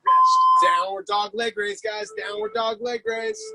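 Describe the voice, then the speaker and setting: A man's voice: very high-pitched, wildly swooping pitch, measured pace, creaky, heavy background noise. A man coaching a live-streamed workout class, calling out exercises, cues and countdowns with lots of energy. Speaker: fitness coach.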